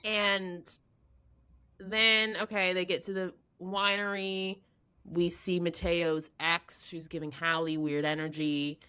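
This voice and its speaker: A young adult woman co-hosting a podcast, casually reviewing a movie and retelling scenes with lively quoted lines. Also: lowish voice, slow pace, smooth. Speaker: podcast co-host.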